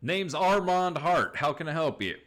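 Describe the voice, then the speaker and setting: A man voicing a hard-up older frontier rancher who speaks with a folksy, halting drawl. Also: a little high, animated, a bit bright, pitched above the performer's own voice. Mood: weary.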